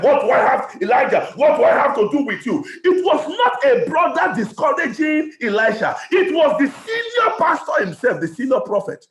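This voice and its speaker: A male pastor with a Nigerian accent, preaching a passionate sermon that often rises to a shout. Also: very high voice. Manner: impassioned preaching, often shouting, with stammered repetitions. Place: church hall. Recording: echoey church hall.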